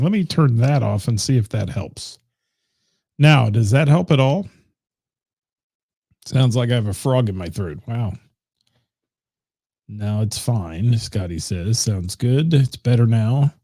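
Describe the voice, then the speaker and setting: A man's voice: medium pitch, creaky, a little mellow, no room sound, clean studio sound. A man hosting a casual live online radio show, rambling with lots of fillers and greeting commenters by name. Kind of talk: casual live-stream chat. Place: home studio.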